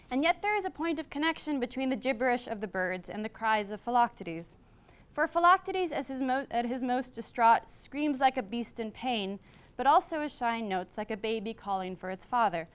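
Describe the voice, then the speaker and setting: A woman professor giving a public lecture on classics, partly read from a script, measured, with brief asides. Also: fairly high pitch, smooth. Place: lecture hall.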